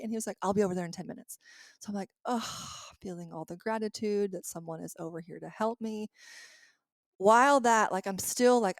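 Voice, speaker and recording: A woman in her thirties hosting a podcast as a coach, telling a personal story in a lively, laughing way and acting out her own past lines. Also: medium pitch, a little fast, no echo, studio quality. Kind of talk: casual storytelling monologue.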